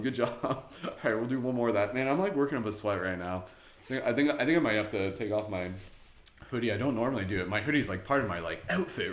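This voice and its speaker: A fairly low-voiced man hosts a live-streamed guided meditation, talking in a casual, chatty way and laughing often. His voice carries through an echoey room. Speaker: meditation host.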